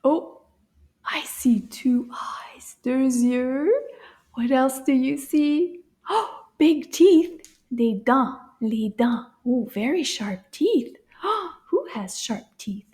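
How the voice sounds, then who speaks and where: A woman teaching French words to young children, gentle and playful, with little gasps and hushed asides. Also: sits high, lively intonation, takes it slowly. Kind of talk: slow, encouraging kids' lesson.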